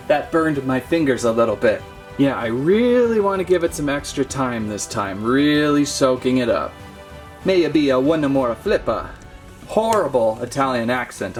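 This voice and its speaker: A man hosting a casual toy unboxing, talking in a playful, jokey, mock-serious way. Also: fairly high pitch. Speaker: toy channel host.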